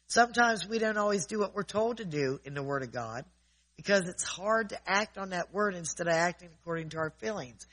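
A man's voice: high-pitched, expressive, fairly quick, fairly bright tone, poor audio. A man preaching informally in a conversational way, often checking in with his listeners.

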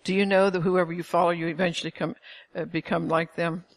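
An older woman preaches an informal sermon to a small congregation, telling stories with emphasis and chuckling often. Her voice is fairly low and level in tone, and she speaks fast.

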